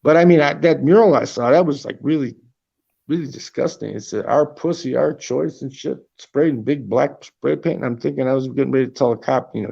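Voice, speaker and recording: A man's voice: mid-range voice, a little fast, creaky, warm tone, slightly rough, muffled recording. A man hosting a casual livestream from his apartment, telling rambling, profanity-laced stories. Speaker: livestream host. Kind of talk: casual chat.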